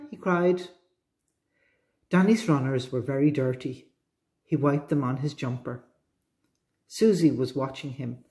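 An Irish-accented librarian with a very deep voice reads a children's storybook aloud expressively, at a slightly slow pace.

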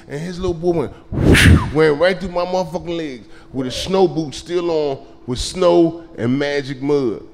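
A man doing live stand-up comedy, telling loose, profane stories and shouting his punchlines. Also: fairly high pitch, a little slow, creaky, hardly any pauses. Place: comedy club stage. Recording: live club recording with crowd laughter. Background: audience laughter.

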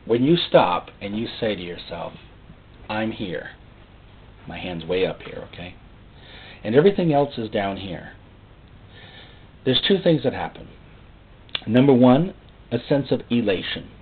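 A man's voice: lowish voice, big pitch swings, a little slow, pauses often, slightly rough. A man preaching a sermon, emphatic and repeating phrases for stress. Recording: tinny phone-like sound.

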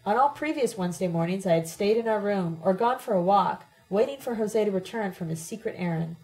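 A woman narrates a first-person story as an audiobook. Her reading is steady and plain. Her voice has a mellow, warm color. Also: medium pitch, a little fast, low-quality recording. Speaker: audiobook reader.

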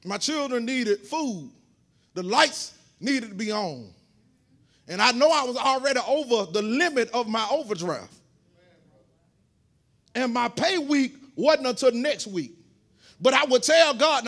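High, bright-voiced man preaching a sermon. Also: animated, unhurried, pauses often. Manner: stammers and repeats words, builds to shouted preaching. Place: church sanctuary.

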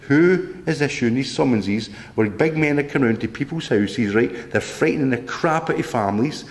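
A man's voice: mid-range voice, lively intonation, normal speed. A man giving a public talk to a local group, indignant and rambling, repeating himself as he reads letters aloud. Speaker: presenter.

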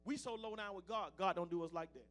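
A man preaching a fiery sermon as pastor, swinging between loud declarations and low, hushed asides. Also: quick pace, soft background music.

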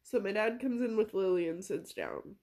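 Woman vlogger, angry confessional storytelling, profane, upset, mid-pitched voice. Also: expressive, moderate pace, warm tone. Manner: blunt, heated, swears freely. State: upset, voice near tears at times. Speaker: vlogger recounting a family conflict. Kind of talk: emotional personal storytelling.

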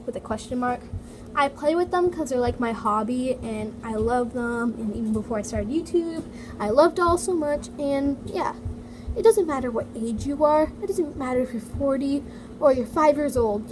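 A female toy vlogger chatting casually in her basement, full of "like" and "so yeah" fillers. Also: on the high side. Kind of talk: casual chat reading comments. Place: home basement. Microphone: iPad mini. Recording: noisy home recording, heater hum. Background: heater running.

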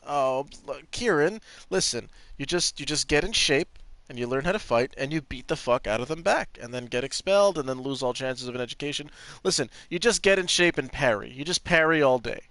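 A man giving loose, profane commentary as he plays a game and jokes with his chat. His voice sits at an ordinary pitch. The sound is dry and close, with no room around it. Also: expressive, fairly quick, a bit bright, no echo. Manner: profane, joking, chatting to viewers. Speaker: streamer. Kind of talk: casual gameplay commentary.

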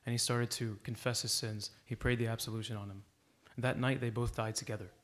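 A man's voice: medium pitch, level tone, fairly quick. A man preaching a sermon in a church, earnest and exhorting, telling a story to make his point.

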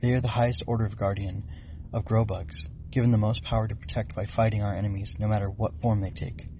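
Man doing pushy young female bug creature, storybook read, gravelly husky tone, dull lo-fi recording. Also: fairly low pitch, level tone, fast talker, slight background noise, lightly acted. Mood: insistent. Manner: pushy, insistent questioning. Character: young female growbug, eager, argumentative.

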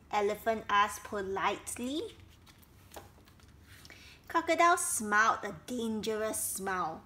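A woman's voice: fairly high pitch, animated, fairly bright tone. A woman reading a children's story aloud, stopping often to explain it simply for young listeners. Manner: slow, explains each step for young listeners.

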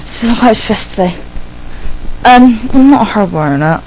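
A woman giving rambling casual commentary while playing a video game, chatting to her dog and reacting out loud. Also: on the high side, normal speed, slight background noise, low-quality recording. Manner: excitable, yelps and squeals at the game. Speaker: let's play gamer.

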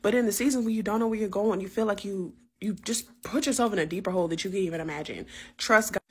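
A woman's voice: mid-range voice, fast talker, a little mellow, slightly rough. A woman vlogger talking from her car, giving earnest, preachy faith encouragement straight to her viewers. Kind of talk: casual faith encouragement talk.

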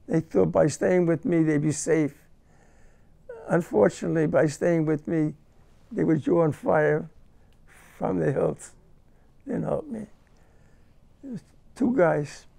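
Older man, veteran interviewee; high for a man, heavy gravel, emotional and halting. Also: warm tone. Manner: halting, repeats words, emotional. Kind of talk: first-person war recollection.

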